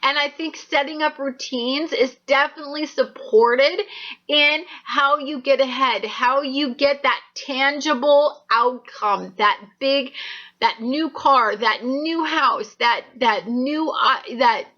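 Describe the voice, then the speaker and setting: A woman's voice: sits high, takes it slowly, bright, forceful tone, dull audio. A woman astrologer giving a monthly horoscope reading in an earnest, rambling, intuitive way.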